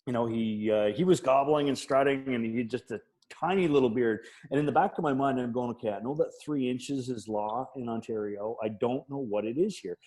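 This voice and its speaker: Man, podcast guest, rambling and wry storyteller, mid pitch. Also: a little fast, darkish tone, low-quality recording. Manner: rambling storyteller, wry about his own failures. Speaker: guest hunter. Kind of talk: casual podcast chat.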